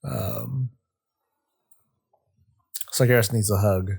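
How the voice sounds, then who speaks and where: A man's voice: on the low side, creaky, a little mellow, husky. A young man chatting casually on a livestream, rambling and swearing, joking as he retells a story. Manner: rambling, profane, jokey, acts out characters in quick asides. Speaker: streamer discussing game lore.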